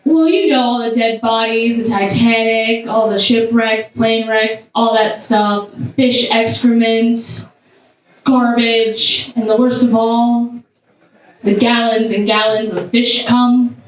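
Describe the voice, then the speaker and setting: A woman performing a stand-up comedy set, animated, with sudden high squeals. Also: takes it slowly. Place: comedy club stage. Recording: echoey club sound from far off.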